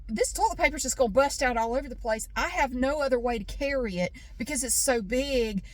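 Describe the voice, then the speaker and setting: A middle-aged woman with a slightly high voice, rambling through a shopping story in casual vlog chatter. She rants with exasperation and throws in plenty of swearing. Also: no echo. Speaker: vlogger.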